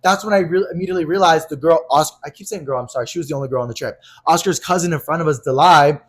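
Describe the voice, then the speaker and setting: A young man co-hosting a podcast, casually telling a wild travel story, swearing freely and acting out the yelling in his quotes. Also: on the high side, very fast. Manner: animated, swearing, acts out yelled quotes. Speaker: podcast co-host.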